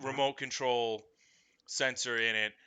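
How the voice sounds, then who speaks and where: A man telling comedic stories in a profane, animated way, breaking into shrill shouted impressions. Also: measured pace, clear, resonant tone. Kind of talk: comedic storytelling.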